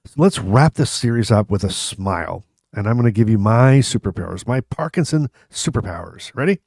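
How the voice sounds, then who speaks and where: A man in his fifties hosts his own vlog, telling jokes on himself in loose, meandering stories. His voice sits a little low, and he keeps breaking into chuckles and restarting sentences. The sound is dry and close, with no room around it. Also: expressive, fairly quick, gravelly, darkish tone, breathy edge, no echo. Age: 50s. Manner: rambling, chuckling, self-mocking, many restarts. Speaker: vlog host. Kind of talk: casual humorous storytelling to camera.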